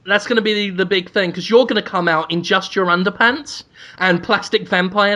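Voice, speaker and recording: A man's voice: high voice, a little fast, sharp tone. A man co-hosting a comedy podcast, rambling through absurd, crude scenarios. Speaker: podcast co-host.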